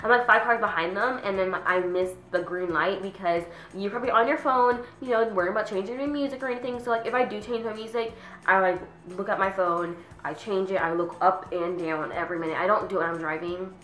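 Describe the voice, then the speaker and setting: A teenage girl venting about her pet peeves in a casual vlog, chatty, with lots of "like", sometimes mimicking people in a higher voice. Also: fairly quick, a bit bright, reverberant, rough recording. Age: teens. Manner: chatty, says "like" constantly, acts out quoted people in a higher voice. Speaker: vlogger.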